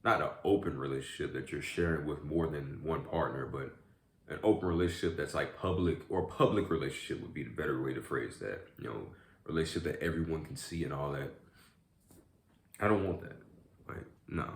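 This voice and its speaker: A man's voice: very deep voice, fairly quick, roomy sound. A young man vlogging in a casual, rambling way while eating, often saying "man" and "y'all". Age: young adult. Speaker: YouTube vlogger. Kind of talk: casual mukbang chat.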